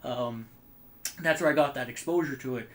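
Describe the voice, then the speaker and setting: A man in his twenties co-hosts a casual podcast in a mid-range voice at normal speed. He chats and tells rambling, animated stories packed with fillers and swearing.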